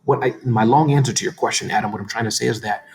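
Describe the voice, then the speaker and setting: A man speaking as a guest in a casual interview, animated and talking quickly, sometimes slurring words. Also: lowish voice. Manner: fast, animated, says he talks too fast. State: tearing up, emotional. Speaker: podcast guest, business founder.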